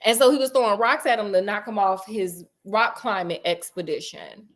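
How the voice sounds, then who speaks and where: A woman's voice: medium pitch, moderate pace, a bit bright. Sassy, slangy woman storyteller. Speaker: storyteller host. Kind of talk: casual retelling of a classic story.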